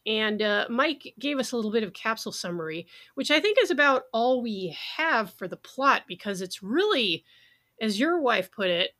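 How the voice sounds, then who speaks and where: A woman podcast host with a bright, slightly high voice. She talks in a brisk, sardonic way and swears freely in casual chat.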